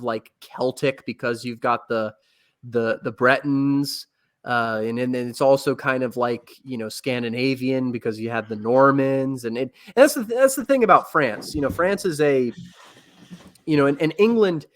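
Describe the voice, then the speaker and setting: A man's voice: mid-range voice, normal speed. A man speaking as a podcast guest in casual chat, lecturing with enthusiasm about history and a novel, often restarting his sentences and filling gaps with "like" and "you know". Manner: rambling, with frequent restarts and filler words.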